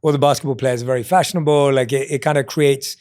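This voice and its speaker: Male podcast host, mid-range voice, reflective, gently probing. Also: medium pitch, fairly even intonation, quick pace. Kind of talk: podcast interview.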